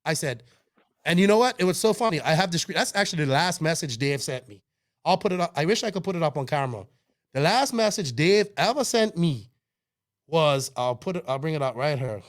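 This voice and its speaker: A man co-hosting a podcast, talking in an animated, defensive way, with frequent swearing and restarts. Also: a little high, fairly quick. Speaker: podcast co-host. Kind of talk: heated casual podcast chat.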